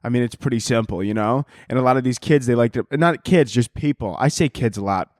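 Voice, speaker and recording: A man's voice: mid-range voice, fairly quick, a little mellow, no room sound, studio quality. A man of twenty hosting a podcast, rambling through a crude, comedic monologue with lots of swearing and frequent laughter. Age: 20s. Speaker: podcast host.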